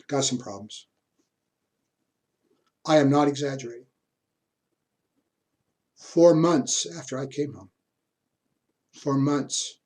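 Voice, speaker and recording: A man's voice: mid-range voice, a little mellow. An older man lecturing on history, telling a reflective personal story and repeating words as he searches for them.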